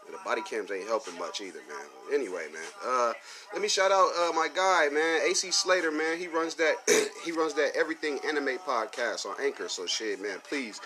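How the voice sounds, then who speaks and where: A man's voice: mid-range voice, animated, brisk. A man hosting a casual solo podcast, ranting heatedly with lots of profanity, fillers and short laughs. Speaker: podcast host.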